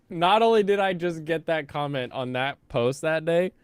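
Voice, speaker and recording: A man's voice: on the high side, clear, resonant tone, no echo, clean studio sound. A man hosting a casual reaction stream, sarcastic, laughing often and going off on rants. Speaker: stream host.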